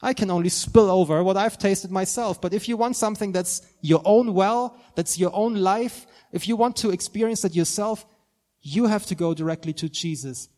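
A man's voice: sits high, moderate pace, darkish tone. A man preaching a sermon in church, earnest and growing fervent as he proclaims.

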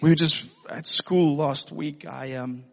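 A pastor telling a personal story in a sermon, earnest and given to laughing. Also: male voice, fairly high pitch, fairly even intonation, measured pace, creaky. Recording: long hall reverb.

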